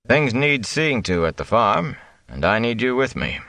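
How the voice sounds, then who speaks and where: A man reading an audiobook, voicing a stern, firm middle-aged farmer father who speaks in a measured way. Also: mid-range voice, very animated, pushed and bright, dry recording, voice pushed up. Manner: measured, deliberate, brooks no argument. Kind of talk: audiobook character voice.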